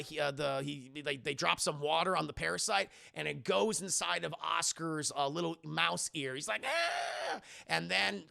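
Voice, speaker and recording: A man's voice: fairly high pitch, creaky, sharp tone. A man streaming live, recapping a film in a rambling, profane way and talking straight to his chat.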